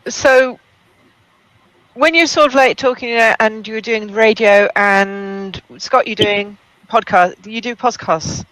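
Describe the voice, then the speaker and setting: A podcast host asking loose, curious questions. The voice sits at a middle pitch. The sound is dry and close to the mic. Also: slow, sharp tone, dry recording, low-quality recording. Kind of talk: interview questions.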